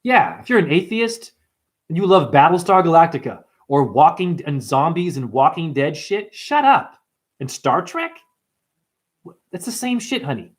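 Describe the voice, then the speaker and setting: A man with a somewhat high voice rambles through a livestream, swearing freely. He jumps from topic to topic and throws quick asides to his chat. He calls viewers "honey" and "dumbass". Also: very animated. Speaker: livestream host.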